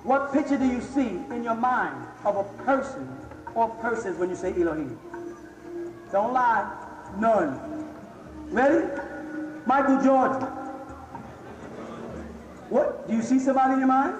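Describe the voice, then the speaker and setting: High-voiced man lecturing in an echoey hall. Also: animated, a little slow, pauses often. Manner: emphatic, keeps checking in with the audience. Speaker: religious teacher lecturing an audience. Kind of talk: live lecture with audience questions. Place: large hall before an audience. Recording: echoey hall, faint music.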